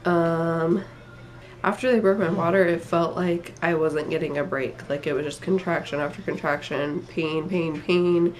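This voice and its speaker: A woman's voice: lowish voice, fairly even intonation, unhurried. A young woman vlogger telling a personal story in a rambling, emotional way, tired and full of fillers.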